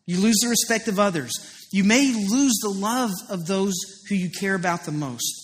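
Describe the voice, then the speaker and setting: A man's voice: high-pitched, moderate pace. A man in his thirties preaching a sermon as pastor, earnest and confessional, telling stories with rising emphasis. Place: church auditorium. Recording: preached in a large reverberant hall.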